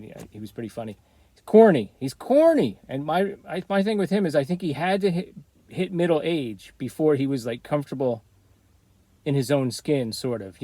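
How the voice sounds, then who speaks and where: A man's voice: medium pitch, mellow. A middle-aged man casually telling a story, rambling and digressing, often chuckling.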